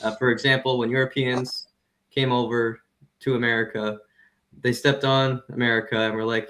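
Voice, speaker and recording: A male podcast co-host telling a joke in deadpan, casual chat. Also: medium pitch, normal speed.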